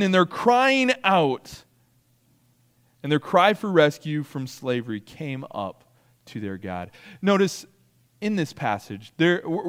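Lively high-voiced man preaching. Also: in a large hall. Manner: animated preaching, voices quoted complaints dramatically, frequent restarts and "right?". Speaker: pastor. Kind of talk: sermon.

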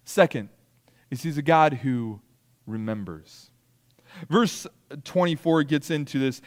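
Lively high-voiced man preaching. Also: slow, long pauses, in a large hall. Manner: animated preaching, voices quoted complaints dramatically, frequent restarts and "right?". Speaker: pastor. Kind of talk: sermon.

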